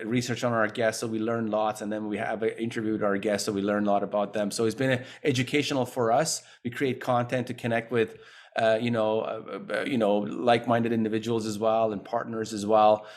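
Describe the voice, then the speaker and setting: A man's voice: on the low side, little pitch movement, a little fast. Rambling man hosting a podcast. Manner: long, loosely built questions with restarts. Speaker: podcast co-host. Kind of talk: casual interview talk.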